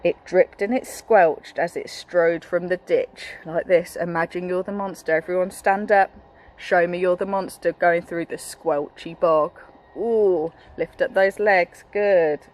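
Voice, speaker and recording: A woman's voice: lowish voice, fairly even intonation, measured pace, low-quality recording. A young woman teacher reading a picture book aloud to a class, encouraging and asking the children questions.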